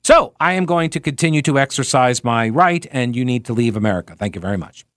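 A man's voice: mid-range voice, expressive, fast talker, no room sound. A man hosting a talk radio show. He reads out listener emails and answers them in a sarcastic, mocking way.

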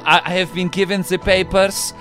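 A man playing a pompous Russian state TV news anchor, speaking slowly and grandly in a put-on Russian accent. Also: high-pitched, flat delivery, music in the background, natural voice. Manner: grand, slow announcing.

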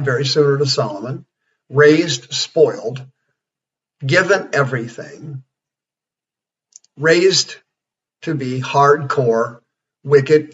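Older guy preaching a bible study on the radio, plainspoken and rambly, kinda dull lo-fi sound. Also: medium pitch.

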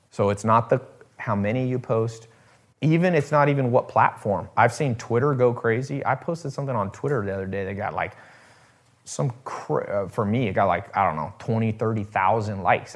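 A man hosting a casual talk to his viewers, rambling with restarts and swearing, acting out the people he quotes. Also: mid-range voice. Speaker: host.

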